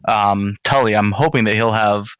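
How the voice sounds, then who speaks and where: Low-voiced enthusiastic co-host, dry sound. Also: male voice, fairly even intonation, moderate pace, fairly bright tone, smooth, dry recording. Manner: enthusiastic, shares opinions and hopes. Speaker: podcast co-host. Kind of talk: casual wrestling review chat.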